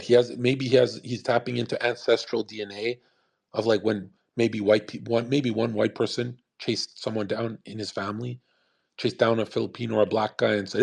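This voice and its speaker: A man's voice: lowish voice, level tone, normal speed, vocal fry, a little mellow, breathy edge. A man hosting a show, talking in a rambling, profane, emphatic monologue that often restarts mid-sentence. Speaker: host. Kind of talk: casual monologue commentary.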